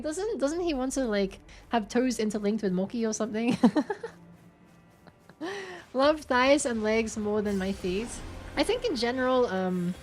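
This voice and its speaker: A woman with an Australian accent and a slightly high voice chats while gaming on stream, reading out viewer comments. She is giggly and rambling, restarting and using fillers, and a little hiss or hum is audible.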